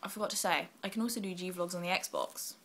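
A young woman vlogging casually while she is unwell, rambling and self-deprecating with quick asides. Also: on the low side, a bit bright, slight background noise. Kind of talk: casual vlog chat.

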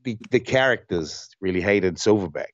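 A male actor chatting as a guest on a live stream, telling his stories in an animated, emphatic way. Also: sits low, moderate pace, lo-fi sound. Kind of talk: casual interview chat.

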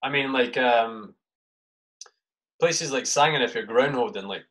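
Man, thirties, army sergeant guest, sharp bright voice, casual, swears constantly, acts out his own reactions. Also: mid-range voice, measured pace. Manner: swears a lot, says "mate" often. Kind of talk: casual storytelling.

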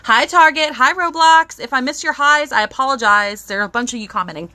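A woman's voice: high voice, brisk, bright, forceful tone. A young woman, chatting bubbly on a live stream as she unboxes toys and greets viewers.

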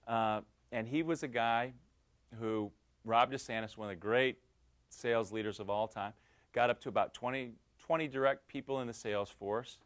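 A middle-aged man giving a lecture, telling lively anecdotes and acting out the dialogue, with frequent restarts. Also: medium pitch, normal speed. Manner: lively storytelling, acts out quoted dialogue, many restarts. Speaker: guest speaker.

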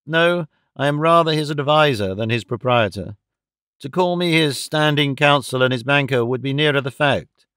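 A man doing a grave, measured gentleman. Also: medium pitch, clear, resonant tone, no room sound, studio quality, natural voice. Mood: musing. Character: grave, thoughtful male gentleman.

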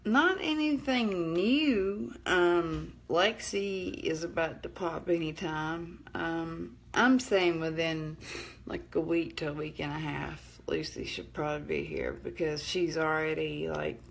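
A woman's voice: low-pitched, slow, vocal fry. A middle-aged woman with a northeast Alabama Southern accent, chatting casually on a live stream from home, rambling and cutting herself off, laughing often. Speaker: livestream host. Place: at home at night.

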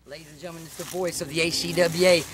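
Excitable, jokey wrestling show host man. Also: fairly high pitch, rapid-fire. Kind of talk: comedic wrestling talk show. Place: outdoors in woods.

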